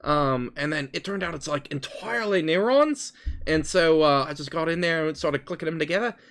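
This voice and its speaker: A man's voice: fairly high pitch, normal speed, a bit bright. A man voicing a disembodied shared mind that has taken over a fungus body, speaking in a rambling, eager way full of fillers. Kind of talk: tabletop role-play.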